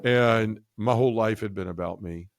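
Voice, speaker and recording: A man's voice: on the low side, normal speed, vocal fry, no echo, clean studio sound. A man telling his personal faith testimony as a guest, vividly acting out what people said. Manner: vivid storyteller, acts out quoted speech.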